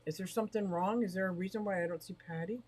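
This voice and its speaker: A woman's voice: mid-range voice, fairly even intonation, darkish tone, a little hiss or hum. A middle-aged woman hosting a casual livestream from beside her fish tank, chatting in a bubbly, rambling way and reading out viewer comments. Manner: bubbly, rambling, quick to laugh. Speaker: livestream host of an aquarium shop.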